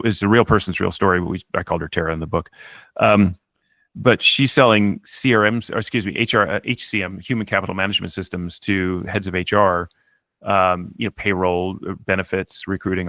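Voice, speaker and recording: Guy talking fast, kinda low voice, super animated storyteller, lots of restarts, dry sound. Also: no room sound. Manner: animated, acts out quotes, frequent restarts. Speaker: author and guest. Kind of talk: conversational interview storytelling.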